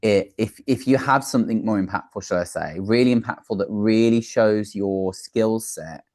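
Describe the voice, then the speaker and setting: A man's voice: fairly low pitch, normal speed, darkish tone, no echo. Man giving earnest advice in a dry recording. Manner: earnest, advisory, with frequent fillers and restarts. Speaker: talent manager and producer, interview guest. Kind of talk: casual interview answers.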